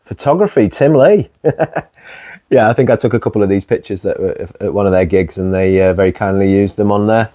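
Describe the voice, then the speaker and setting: A man hosting his own video, chatting casually and warmly about his record collection, rambling with plenty of ums. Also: lowish voice, brisk. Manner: relaxed and rambling, many ums, warm enthusiasm. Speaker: host.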